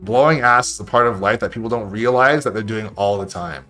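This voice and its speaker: A man speaking on a live stream in a blunt, profane, animated way, acting out quoted voices as he gives advice. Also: fairly low pitch, a little fast, faint music behind. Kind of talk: casual live-stream rant.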